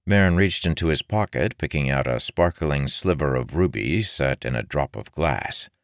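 A man narrating a fantasy novel in a measured, expressive storytelling manner. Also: extremely low pitch, dry recording, studio quality. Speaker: audiobook narrator.

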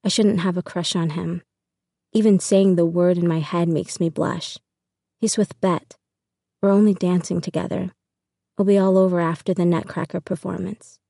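A woman narrates a first-person audiobook in an even, intimate way. Her voice sits low and mellow, and the recording is close and dry, with no room around it. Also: moderate pace, gravelly, no echo.

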